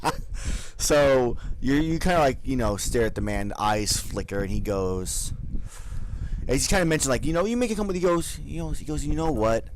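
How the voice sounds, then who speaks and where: A man's voice: medium pitch, very animated, a little fast, slight background noise, low-quality recording. A man narrating as game master, rambling with lots of fillers.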